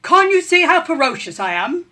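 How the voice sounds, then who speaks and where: A woman's voice: extremely high pitch, sing-song, moderate pace, sharp tone, voice pushed up, heavily acted. A woman doing a blustering, boastful rat. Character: boastful hungry male rat, self-important.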